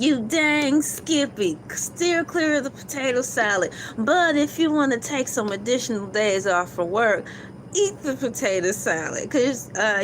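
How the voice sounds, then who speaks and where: A woman's voice: medium pitch, slight background noise. A woman hosting a casual morning livestream, joking playfully and slipping into silly voices. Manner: playful, jokey, drops into silly put-on voices. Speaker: livestream host.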